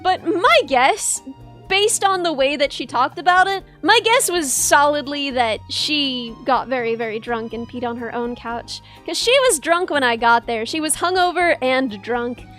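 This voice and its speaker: A woman's voice: high-pitched, a little slow, a bit bright, soft background music. A young woman streamer telling a wry story in casual chat, full of "like" and restarts. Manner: chatty, wry, lots of "like" and restarts.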